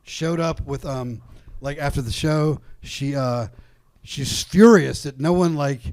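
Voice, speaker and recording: A man's voice: on the high side, slow pace, a little mellow, dry recording. A man telling a long, profane, rambling story as a podcast guest, full of restarts and quoted voices. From Atlanta comedy scene. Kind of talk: casual storytelling.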